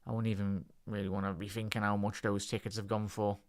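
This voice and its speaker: A man's voice: lowish voice, flat delivery, fast talker, smooth. A man with a Scouse accent giving casual live match commentary on a stream, chatting to his viewers and calling them lad and chat. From Liverpool, England.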